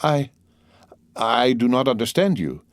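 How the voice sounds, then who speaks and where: A man's voice: medium pitch, sing-song, measured pace, no echo, clean studio sound, voice pushed up. A man voicing a terrified young woman who pleads and stammers in an audiobook. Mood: pleading. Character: terrified young female poisoner, pleading wife. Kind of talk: audiobook character voice.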